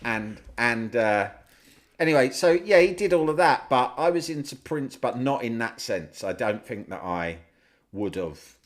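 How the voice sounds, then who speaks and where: A middle-aged man from Britain, a podcast guest, telling stories in casual chat, swearing freely and loudly mimicking other people. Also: mid-range voice, unhurried. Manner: animated storyteller, swears freely, mimics his brother loudly.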